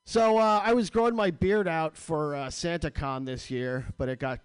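A man's voice: a little high, normal speed, clear, resonant tone, dry recording, soft background music. A man hosting a radio show, ranting with crude, sarcastic comedy in a studio.

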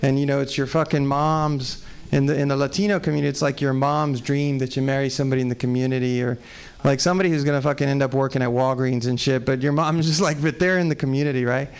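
A man's voice: mid-range voice, fairly even intonation, quick pace, clean tone. A man in his forties from Texas doing rambling, profane, self-deprecating stand-up at an open mic in a small comedy venue. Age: 40s.

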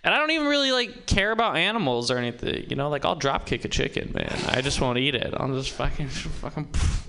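A man's voice: a little high, expressive, a little fast, gravelly, sharp tone. A man doing a rambling stand-up comedy set, interrupting himself and laughing at his own jokes. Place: comedy open mic with live audience.

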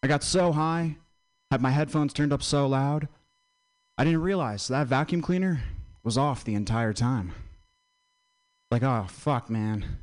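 A man's voice: a little high, normal speed. A man doing stand-up one-liners with a bouncy delivery. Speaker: stand-up comedian.

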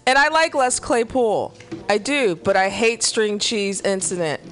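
A woman co-hosting a radio talk show, talking bluntly and quickly in casual chat and laughing often. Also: mid-range voice, a bit bright.

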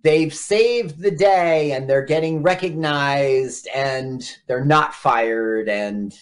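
A man's voice: fairly high pitch, slow. A man co-hosting a casual radio podcast, recapping a movie's plot and acting out its lines. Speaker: podcast co-host. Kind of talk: casual film-review chat.

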